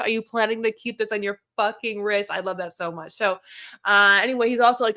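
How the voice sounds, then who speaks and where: A young woman in a casual recap chat, speaking at a middle pitch. She jokes, swears offhandedly and acts out lines from the show as she retells scenes. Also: fairly even intonation, brisk, bright, forceful tone. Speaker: podcast co-host.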